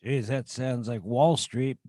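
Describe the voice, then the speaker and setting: A man co-hosting a casual chat over a video call. He guesses movie quotes, chatty and quick to laugh. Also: mid-range voice, fairly even intonation, warm tone, no echo, clean studio sound. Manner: chatty, laughs between lines. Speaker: co-host.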